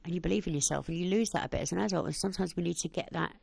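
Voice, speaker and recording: A woman's voice: fairly low pitch, racing, creaky, slightly rough, no echo. A woman, a podcast guest talking bluntly and animatedly, acting out what others said. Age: 40s. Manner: blunt and animated, acts out quoted speech. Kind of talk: candid interview chat.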